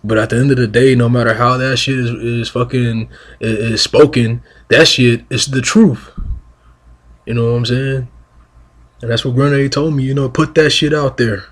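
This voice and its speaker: A man's voice: medium pitch, fairly even intonation, normal speed. A man giving a heated, emphatic, profane monologue rant on his own channel, speaking into a single mic. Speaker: vlogger.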